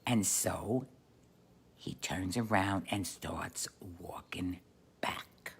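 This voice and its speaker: A woman's voice: a bass voice, very slow, gravelly, breathy edge, full character voice. A woman playing a doting, folksy Italian-American aunt who tells a story and gives chatty life advice to her "dolls". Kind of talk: comic character storytelling.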